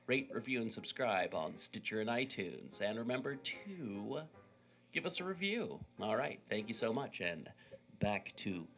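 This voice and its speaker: A man's voice: fairly low pitch, very animated, a little slow, a bit bright, muffled recording. A man hosting a podcast, reading sponsor notes and plugs in a playful, theatrical way. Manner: theatrical, playful intro with whispered asides. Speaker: podcast host. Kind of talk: casual podcast banter.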